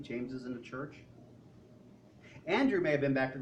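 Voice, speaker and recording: Male pastor, lively sermon delivery, voice a touch high, heard from afar with faint room hum. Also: normal speed, long pauses. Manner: animated, conversational preaching with acted quotes. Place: church sanctuary. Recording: distant mic with faint room noise.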